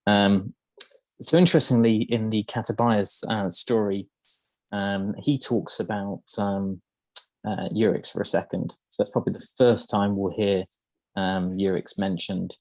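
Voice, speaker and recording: A man's voice: fairly low pitch, fairly even intonation, a little slow, dry recording. A man hosting a podcast, explaining game lore in casual chat, hesitant and full of ums and uhs. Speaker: podcast host.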